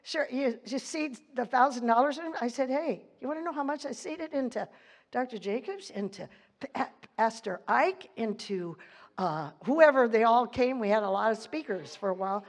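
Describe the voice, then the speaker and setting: A woman pastor preaches with fervent emphasis, her fairly high voice rising and falling between laughter. She slows down to read scripture deliberately. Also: expressive. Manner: reads scripture slowly and deliberately. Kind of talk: sermon.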